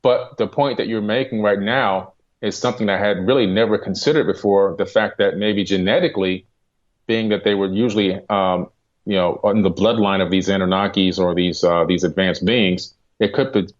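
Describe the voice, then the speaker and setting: A man's voice: low-pitched, fairly even intonation, fairly quick. A man, a guest author, giving earnest, explanatory answers in a radio interview, with frequent fillers. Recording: muffled lo-fi radio audio.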